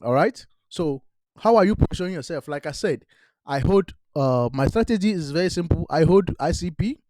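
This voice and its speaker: A man's voice: on the high side, lively intonation, brisk, darkish tone, no room sound. A man hosting a crypto channel, talking straight to viewers in an emphatic, repetitive way and often checking in with "all right?". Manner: emphatic, repeats "all right?", non-native grammar. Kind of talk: direct-to-camera investment talk.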